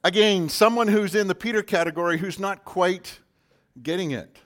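A man preaching a sermon in a conversational way, with sudden loud emphasis on key words. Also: sits high, moderate pace. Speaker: pastor.

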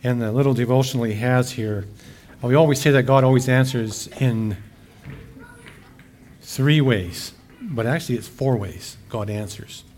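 Middle-aged man, folksy pastor, casual sermon, mid-range pitch. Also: measured pace, a little mellow, slight background noise. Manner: folksy, chatty, frequent "eh".

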